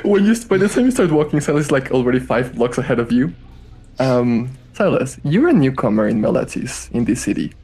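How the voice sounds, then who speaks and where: A man's voice: medium pitch, big pitch swings, a little fast, darkish tone, breathy edge. A man running a tabletop game as game master, narrating casually and animatedly with laughs.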